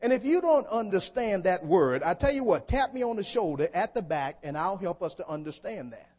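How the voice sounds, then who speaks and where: Animated high-voiced man preaching a sermon. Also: a little fast, breathy edge. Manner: rhetorical questions to the congregation. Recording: long hall reverb.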